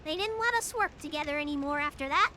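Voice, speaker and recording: A young woman streamer telling stories to her chat in a casual, animated, blunt and profane way that climbs toward yelling. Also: sits high, fast talker. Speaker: live streamer. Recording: clear background noise.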